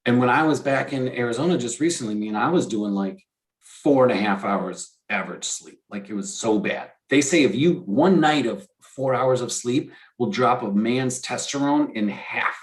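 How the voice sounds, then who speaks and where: Male co-host, casual and eager, rambles with restarts at a mid pitch. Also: normal speed. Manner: enthusiastic, rambling with restarts and fillers. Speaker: podcast co-host. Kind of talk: casual chat.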